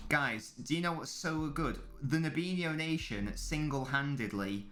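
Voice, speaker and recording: A man's voice: fairly high pitch, unhurried, few pauses, fairly bright tone, faint music behind. A man, chatting casually and joking as a live streamer reacting to a football match, rambling and swearing freely.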